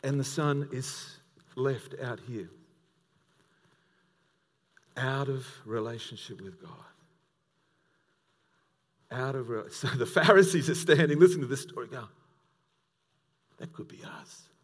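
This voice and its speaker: A man preaching a sermon as pastor, telling a story in an animated way and acting out its characters with sudden loud bursts. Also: mid-range voice, measured pace, long pauses, big-room sound. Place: church auditorium.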